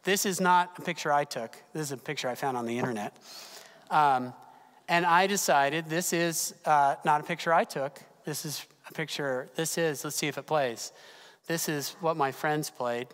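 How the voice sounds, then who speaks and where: A man's voice: a little high, normal speed, a bit bright. A man from California, a pastor, telling a personal story in a sermon with gasps and casual fillers. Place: church sanctuary. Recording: long hall reverb.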